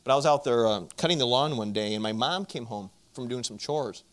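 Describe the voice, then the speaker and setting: A middle-aged man telling a personal story to an audience, animated and acting out the voices of the people in it. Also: medium pitch, brisk. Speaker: marriage conference speaker.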